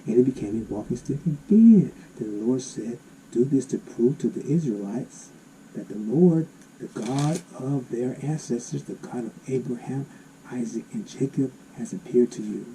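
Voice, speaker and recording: A man reading Bible verses aloud and explaining them in an animated, exclaiming way. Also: mid-range voice, slight background noise, low-quality recording. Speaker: Bible teacher.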